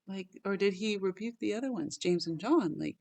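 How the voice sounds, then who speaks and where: A woman hosting a casual Bible chat, reading scripture aloud and then talking through it in an excited, wondering way with lots of "like" and "right?". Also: medium pitch, normal speed, creaky.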